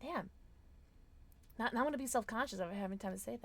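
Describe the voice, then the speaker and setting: A woman streaming a horror game live, chatting with her viewers, thanking them and reacting loudly to scares. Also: a little high, quick pace.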